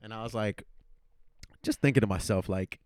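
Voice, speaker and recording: A young man, co-hosting a casual podcast and telling a story in a profane, animated way. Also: fairly low pitch, normal speed, no echo, studio quality. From New York. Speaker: podcast co-host.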